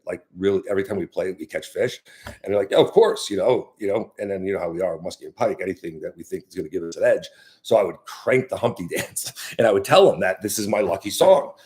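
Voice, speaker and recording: A young man with a slightly low voice tells a fishing story in a loose, casual monologue. He rambles, doubles back on his words and leans on fillers as he goes. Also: a little mellow. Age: young adult. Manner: rambling, with many fillers and restarts. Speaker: fishing guide.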